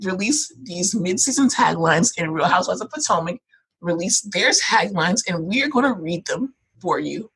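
Chatty young woman, husky voice. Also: on the low side, animated, a bit bright, poor audio. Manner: chatty, laughs often, quick asides. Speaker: podcast co-host. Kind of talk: casual chat.

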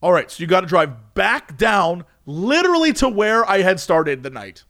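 Matter-of-fact tow yard guy, quoted by a young man with a high voice. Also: big pitch swings, moderate pace, fairly bright tone, no room sound, studio quality, exaggerated voice. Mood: flat. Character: jaded male tow yard worker.

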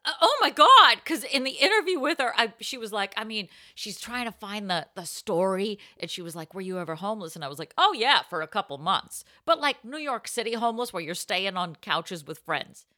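A young adult woman, a comedian and podcast host, telling a story in a breathless, laughing, animated way. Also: mid-range voice, a little fast, few pauses, no room sound, clean studio sound. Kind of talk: casual storytelling chat.

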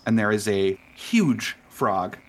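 A man narrating a tabletop game as game master, telling the scene in a relaxed way. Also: fairly low pitch, slow, a little hiss or hum.

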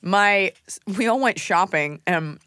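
A woman's voice: medium pitch, animated, slow, fairly bright tone, smooth, dry recording. Chatty woman comedian, dry studio mic. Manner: chatty, joking, talks while snacking. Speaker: comedian podcast host. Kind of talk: casual podcast chat. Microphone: studio microphone.

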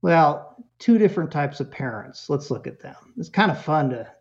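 Male guest expert, chatty, animated storyteller, dull lo-fi podcast sound. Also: a little high, normal speed. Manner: animated storyteller, acts out voices, jokey. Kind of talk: casual interview chat.

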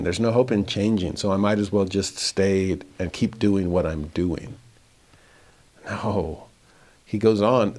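A man teaching a verse-by-verse scripture lesson, reading passages slowly and then paraphrasing them with rising emphasis. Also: mid-range voice, a little mellow.

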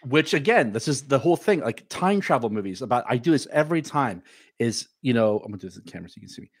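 A man's voice: mid-range voice, animated, quick pace, breathy edge, no room sound. A man hosting a casual movie podcast, joking and rambling with many restarts. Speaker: podcast host.

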